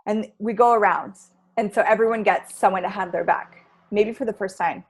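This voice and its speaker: A woman's voice: medium pitch, moderate pace, breathy edge. A woman guest in a casual interview, describing the workshops she facilitates in an enthusiastic, heartfelt way. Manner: enthusiastic, heartfelt, with frequent "like" fillers.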